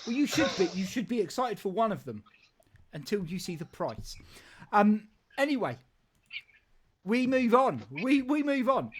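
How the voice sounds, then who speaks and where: Rambling jokey host. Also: male voice, high-pitched, very animated, unhurried, pauses often. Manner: rambling, jokey, restarts a lot. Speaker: football show host. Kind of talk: casual live-stream chat.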